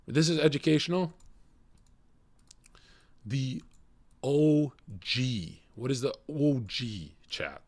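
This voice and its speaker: Male livestream host, mid-pitched, crude and blunt, jumps between yelling and muttering, dead-dry close sound. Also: lively intonation, slow pace, pauses often, no echo. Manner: blunt, profane, swings from shouting to low muttering. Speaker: livestream host talking to chat. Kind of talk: unscripted livestream rant.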